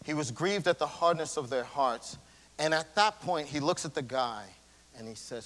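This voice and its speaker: High, lively-voiced male pastor preaching. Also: moderate pace. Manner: swings between loud emphasis and hushed near-whispers; casual slangy preaching. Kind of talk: sermon. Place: church sanctuary. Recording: long church hall reverb.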